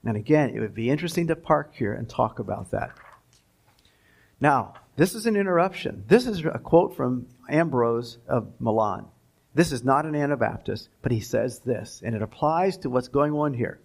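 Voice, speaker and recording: A man giving a history lecture to high school students. He speaks deliberately, stops for asides and reads out quotations. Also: animated, vocal fry, slightly rough. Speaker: guest lecturer.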